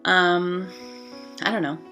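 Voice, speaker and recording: A woman's voice: fairly low pitch, fairly even intonation, takes it slowly, sharp tone, soft background music. A young woman talking through a casual nail art tutorial as a voice-over, chatty and rambling, with lots of fillers and asides.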